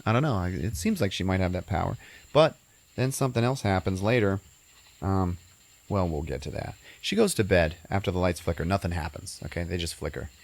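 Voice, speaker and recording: A man's voice: sits low, a little fast, vocal fry. A man hosting a podcast, casually recapping a film in a rambling way with the odd swear. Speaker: podcast host.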